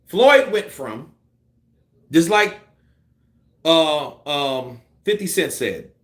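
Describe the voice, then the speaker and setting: Man, casual boxing commentary, animated, profane, slightly high voice, echoey room. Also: very slow. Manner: animated, profane, acts out punch sequences. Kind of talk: casual live-stream commentary.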